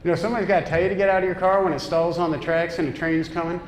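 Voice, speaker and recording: Very fast and steady, a high-voiced man from upstate New York tears through a brash, punchy stand-up set on a club stage, throwing asides to the crowd. The audience laughs in an echoey room full of noise.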